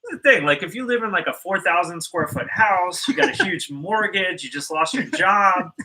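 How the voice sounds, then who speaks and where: A male podcast co-host with a very bright, slightly high voice. He talks in a laid-back, teasing way during a relaxed studio chat. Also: moderate pace, poor audio.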